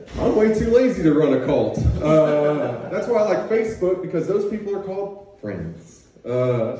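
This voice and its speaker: On a comedy club stage, a man with a fairly high, warm voice performs stand-up in a loose, crude, conversational way, frequently tossing "okay?" at the crowd. The roomy, distant recording has slight background noise and audience laughter and reactions.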